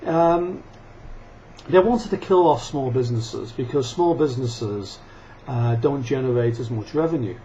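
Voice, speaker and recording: A man's voice: medium pitch, a little slow, dark tone. Man, profane rant, angry and scoffing, faint background hiss. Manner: angry, sweary, laughs and coughs between rants. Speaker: vlogger. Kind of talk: profane ranting monologue. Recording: dull lo-fi sound with faint noise.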